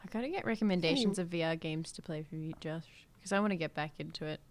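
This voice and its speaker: A young woman co-hosting a podcast, relaxed and giggly, reading out viewer comments. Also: low voice, quick pace, dry recording. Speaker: podcast co-host.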